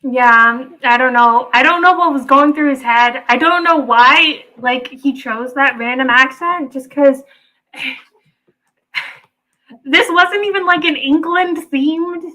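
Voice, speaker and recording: Bright, high-voiced young woman. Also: slow pace, low-quality recording. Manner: hesitant, trails off with "so". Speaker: podcast co-host. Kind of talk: casual recap chat.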